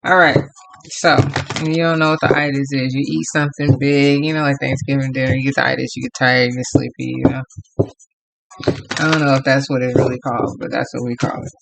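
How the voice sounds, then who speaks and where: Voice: mid-range voice, flat delivery, a little fast, vocal fry, heavy background noise. A tarot reader from Los Angeles giving a casual, rambling reading to viewers and laughing often.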